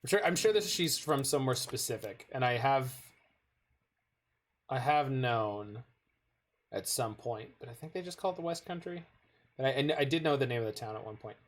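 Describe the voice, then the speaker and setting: A man's voice: mid-range voice, animated, moderate pace. A North American man chatting casually with viewers while playing a card game, rambling off into stories. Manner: rambling, digressive storytelling. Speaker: game streamer.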